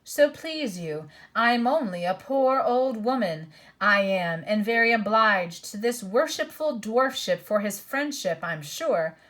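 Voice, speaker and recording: A woman voicing a fawning, whining old hag who flatters as she talks. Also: medium pitch, a little slow. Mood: wheedling. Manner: wheedling, flattering.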